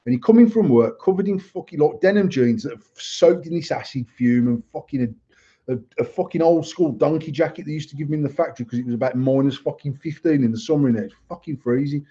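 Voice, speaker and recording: Speaking quickly in a slightly high, slightly rough voice, this British adult man co-hosts a podcast. He's animated and sweary, laughing along as he recounts a rowdy story from his childhood in casual banter. The audio is dull and lo-fi.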